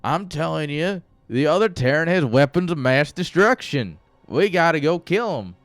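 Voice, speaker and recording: A man's voice: on the high side, animated, moderate pace, no room sound, faint music behind, pitched above the performer's own voice. A man putting on a blustering mock accent. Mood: bombastic.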